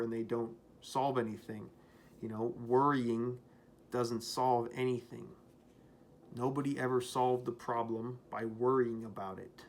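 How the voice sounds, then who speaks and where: A man's voice: medium pitch, a little hiss or hum. A man giving a casual, rambling spoken rant to camera, profane and full of fillers. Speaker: vlogger.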